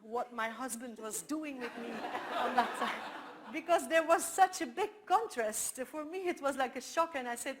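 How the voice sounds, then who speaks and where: A woman with a Flemish accent, whose first language is Dutch, giving a conference talk full of lively anecdotes and frequent restarts. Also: high-pitched, normal speed, a little hiss or hum. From Belgium. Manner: animated storytelling with frequent restarts. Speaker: speaker.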